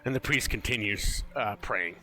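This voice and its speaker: A man running a tabletop game as game master, narrating scenes in an animated, descriptive way. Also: on the low side, normal speed, slight background noise. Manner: descriptive, animated, laughs easily.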